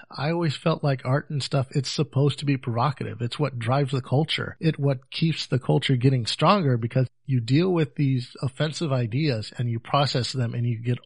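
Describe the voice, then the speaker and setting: A man in his thirties, a guest on a casual podcast, earnest and quick to laugh, talking about edgy humor. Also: mid-range voice, no room sound. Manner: earnest, laughs easily, argues for offensive humor.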